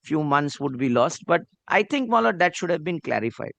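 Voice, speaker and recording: A man with Bengali-accented Indian English pleads before a judge, deferentially reading clauses aloud and saying "my lord" constantly. His slightly high voice is sing-song, creaky, and a bit bright, moving at a moderate pace. The courtroom recording has no room sound.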